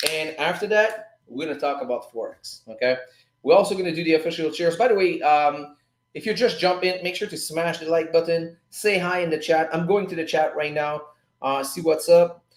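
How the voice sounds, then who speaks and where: Guy running a casual trading livestream, kinda high voice, lots of "guys" and "dude", echoey room. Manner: loose, chatty, swears casually, calls the audience "guys" and "dude". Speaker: livestream host teaching forex trading. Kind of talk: casual live-stream chat and trade breakdown.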